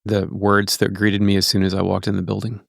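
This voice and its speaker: A man's voice: on the low side, completely flat delivery, brisk, creaky, no echo, studio quality. A man co-hosting a podcast, chatting casually with crude jokes. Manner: joking and crude. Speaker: podcast co-host. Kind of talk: casual chat.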